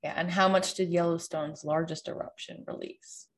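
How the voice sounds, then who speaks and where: A woman's voice: fairly low pitch, fairly even intonation, moderate pace. A woman in her twenties hosting a podcast, casually presenting her thesis and quizzing her family, with many fillers. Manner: chatty, hedging with fillers like "like" and "um".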